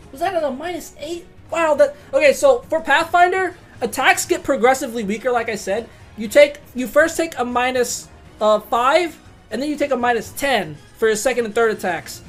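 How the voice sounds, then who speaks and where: An excitable woman game master narrating dice rolls and combat. Her voice is high and animated, jumping between muttered asides and sudden loud outbursts, with frequent swearing. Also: faint music behind. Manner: excitable, swearing, quick swings of loudness.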